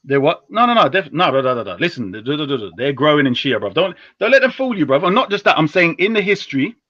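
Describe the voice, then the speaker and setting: Bright, animated man on a live stream. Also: no room sound. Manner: animated, teasing, slangy, rapid switches between loud and low. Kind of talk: heated casual live-stream banter. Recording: dull lo-fi stream audio.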